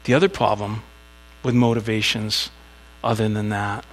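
A man's voice: fairly low pitch, flat delivery, moderate pace, rough recording. A man preaching a sermon in a conversational way, telling a story with little acted asides. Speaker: pastor.

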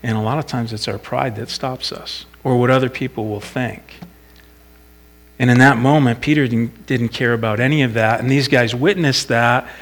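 A man's voice: mid-range voice, fairly even intonation, normal speed. A middle-aged man giving an informal Bible devotional in a conversational, reflective way, thinking aloud as he talks.

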